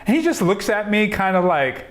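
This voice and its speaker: Animated storytelling man on a video call. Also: high voice, normal speed. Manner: animated storyteller, acts out quoted dialogue, laughs often. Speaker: interviewee, software entrepreneur. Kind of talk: oral history interview over video call.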